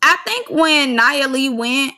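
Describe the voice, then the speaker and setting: Chatty, bright-voiced young woman recapping. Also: sits high, expressive, slow. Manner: chatty, opinionated, filler-heavy. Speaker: reality show recapper. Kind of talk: casual reaction commentary.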